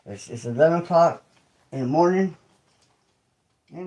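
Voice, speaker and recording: A man with a fairly high, slightly mellow voice talks at a normal speed on a low-quality recording. He's a YouTube creator hosting his own livestream, rambling casually, repeating phrases and asking viewers "you feel me?"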